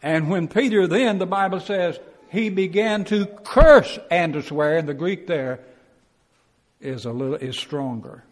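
A man's voice: sits high, unhurried, in a large hall. A man preaching a Bible class sermon in a folksy, plainspoken way, acting out quotes and chuckling.

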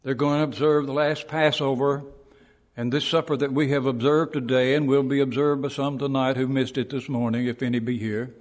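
A man preaching a sermon in a church, telling stories with dramatic build and shouting out quoted lines. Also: medium pitch, level tone, fairly quick, in a large hall.

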